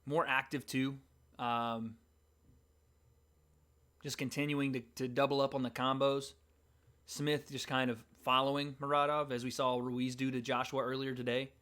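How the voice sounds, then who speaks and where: A man hosting a livestream, giving casual, excited play-by-play and reactions to a fight. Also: mid-range voice, normal speed, long pauses. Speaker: livestream host. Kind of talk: live fight commentary and reaction.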